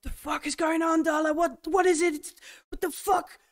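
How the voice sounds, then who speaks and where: A woman game master voicing a panicked young soldier who shouts and swears in terror. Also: flat delivery, moderate pace. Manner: shrill, frantic swearing.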